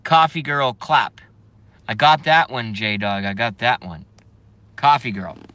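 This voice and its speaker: A man streaming casually talks in a medium-pitched, pushed, bright voice, recorded dry. He rambles with plenty of swearing, reads chat messages out, laughs often, and his speech is full of self-interruptions and lingering filler noises.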